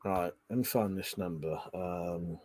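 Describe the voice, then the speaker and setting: With a deep, slightly mellow voice and a measured pace, this British livestream host chats loosely on a casual stream. He swears freely and reads viewers' comments aloud.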